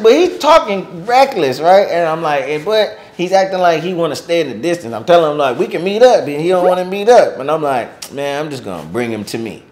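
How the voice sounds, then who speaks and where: Middle-aged man, interview guest, slangy casual storyteller who acts out quotes loudly. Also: a little high, brisk, few pauses. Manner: animated, acts out quotes in raised voice; slangy, filler-heavy speech.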